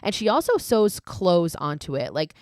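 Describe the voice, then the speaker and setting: A woman's voice: fairly low pitch, big pitch swings, moderate pace, a little mellow, no room sound, studio quality. A woman podcast host retelling a horror film in a chatty way, full of "like" and swearing. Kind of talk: casual horror film recap.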